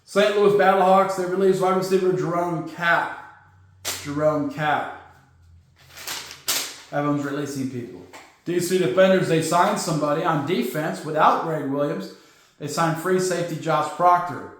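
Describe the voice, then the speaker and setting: A man hosting a sports podcast, talking casually in an animated, sarcastic, joking way. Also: fairly high pitch, moderate pace, slight background noise. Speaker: podcast host. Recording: very echoey room.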